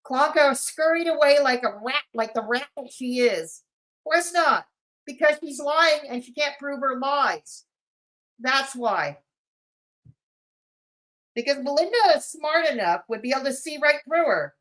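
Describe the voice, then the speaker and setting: A woman runs a live commentary stream, her voice sitting high. She talks back to the clips with sarcastic, mocking jabs. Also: lively intonation, a little slow, fairly bright tone, low-quality recording. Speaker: commentary channel host.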